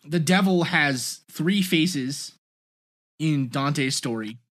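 A podcast co-host leading a casual discussion, laying out each point in an explanatory way. The speaker fills pauses with "um" and keeps returning to "now, what's interesting." The voice has a middle pitch. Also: expressive, a bit bright.

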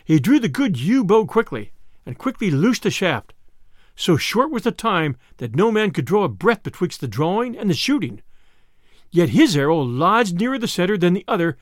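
Expressive high-voiced male storyteller. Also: normal speed, dry recording, clean studio sound. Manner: expressive, archaic prose. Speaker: narrator. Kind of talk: storybook reading.

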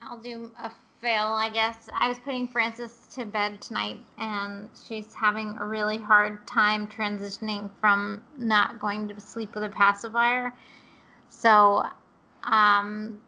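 Flat, bright woman telling a story hesitantly. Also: medium pitch, takes it slowly, poor audio. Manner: hesitant, filler-heavy. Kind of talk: casual storytelling among friends.

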